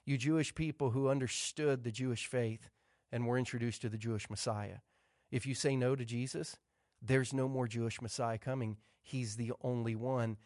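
A man's voice: medium pitch, fairly even intonation, moderate pace, darkish tone, no echo, clean studio sound. A male pastor preaching a sermon, hammering his points home with emphatic repetition.

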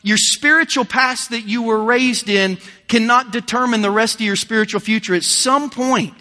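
A man's voice: very high-pitched, moderate pace, pushed and bright, in a large hall. A man with a Midwestern American accent, preaching a sermon as pastor in an earnest, emphatic way with repeated phrases. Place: church auditorium.

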